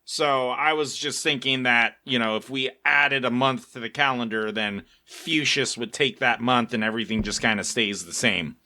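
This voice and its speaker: A man's voice: medium pitch, moderate pace, few pauses, sharp tone. A man co-hosting a casual podcast, joking and wry in a skeptical way. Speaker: podcast co-host. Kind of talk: casual chat.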